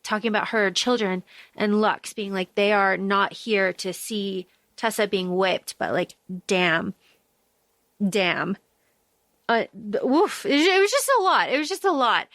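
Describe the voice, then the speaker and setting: A woman's voice: mid-range voice, unhurried, a bit bright, no echo. A woman co-hosting a podcast, chatting casually about a book with lots of fillers, quoted asides and casual swearing. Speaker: podcast co-host.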